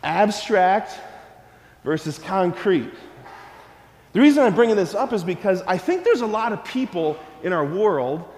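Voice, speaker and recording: A man who is a priest, giving a lively, conversational homily to children at Mass and asking them questions. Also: high-pitched, fairly quick, few pauses. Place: large church. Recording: echoey church hall, from a distance.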